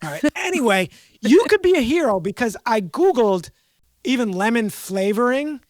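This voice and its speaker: A woman's voice: a little high, sing-song, moderate pace, a little mellow, no echo, studio quality. A woman with a Boston accent chatting casually, a rambling storyteller who loves puns. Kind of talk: casual chat.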